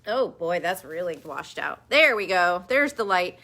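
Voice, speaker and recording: A woman hosts a relaxed live chat from her yarn shop, talking to a webcam. She is chatty and enthusiastic, full of little fillers, and her voice has a bright, clear edge. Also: on the low side, a little slow, hardly any pauses. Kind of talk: casual live-stream chat.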